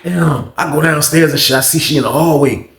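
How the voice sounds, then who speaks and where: A man telling a storytime vlog story in casual slang, animated and getting louder when excited. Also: fairly high pitch, fairly quick, reverberant. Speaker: storytime vlogger.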